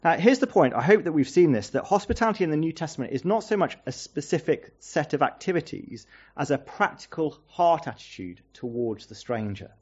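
A man's voice: a little high, animated, brisk, a little mellow, breathy edge, lo-fi sound. A man preaching a sermon as a visiting pastor, earnest and asking the congregation rhetorical questions.

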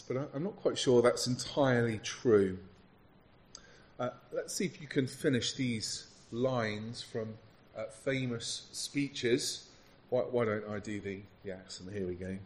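A man's voice: lowish voice, moderate pace, darkish tone. A man preaching a sermon in an earnest, conversational way, often restarting his phrases.

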